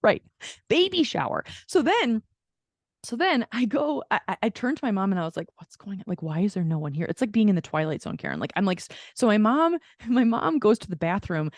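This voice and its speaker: A woman's voice: medium pitch, fairly quick, no echo, clean studio sound. A woman co-hosting a podcast, telling a long story in casual chat and acting out the people she quotes. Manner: animated storyteller who acts out quoted people. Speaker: podcast co-host.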